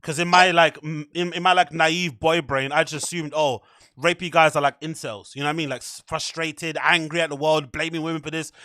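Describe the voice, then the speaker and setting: A young man hosting a podcast, chatting casually in a rambling, animated way, full of fillers and swearing. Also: on the high side, a little fast, no room sound, clean studio sound. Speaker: podcast host. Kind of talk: casual chat.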